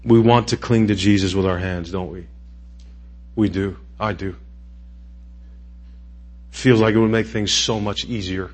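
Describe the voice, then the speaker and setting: Hushed-to-fervent male preacher. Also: fairly low pitch, steady tone, a little slow, long pauses. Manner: moves from hushed, intimate pleading to raised, emphatic preaching. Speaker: pastor. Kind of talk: sermon. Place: church sanctuary.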